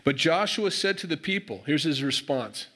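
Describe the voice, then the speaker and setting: A man's voice: fairly high pitch, lively intonation, moderate pace, pushed and bright. Conversational male preacher teaching scripture. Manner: conversational, acts out dialogue with emphatic rises. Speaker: pastor. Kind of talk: sermon reading and explaining scripture.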